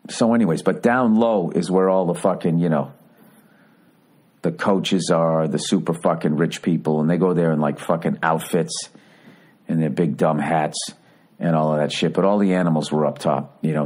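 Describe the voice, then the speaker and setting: A podcast host in his forties delivers a casual comedic monologue, a rambling, profane story told as a mock-indignant rant. His voice is rumbling low with a darkish tone.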